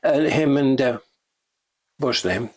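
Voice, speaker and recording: A man's voice: mid-range voice, measured pace, slightly rough. An older man telling chatty backstage anecdotes in an interview, laughing often and acting out the lines he quotes. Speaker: interviewee, special effects veteran. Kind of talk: casual anecdotal storytelling. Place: shop.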